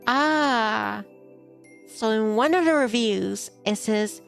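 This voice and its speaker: A woman's voice: on the high side, takes it slowly, vocal fry, faint music behind. A woman streaming a game, chatting casually and playfully, reacting aloud to what happens on screen.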